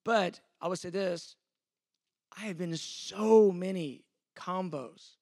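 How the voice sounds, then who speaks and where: A man's voice: high-pitched, slow, darkish tone, no room sound, studio quality. A man in his fifties, a pastor, teaching a sermon in a conversational, self-deprecating way, acting out the exchanges he quotes.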